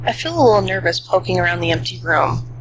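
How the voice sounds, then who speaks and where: A game streamer reading a visual novel's dialogue aloud in an animated way. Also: mid-range voice, fast, background noise.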